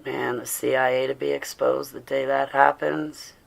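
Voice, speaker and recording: Tired woman with a gravelly voice. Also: extremely low pitch, level tone, normal speed. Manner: preachy, reads chat aloud, laughs often. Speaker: livestream host. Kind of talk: casual livestream chat.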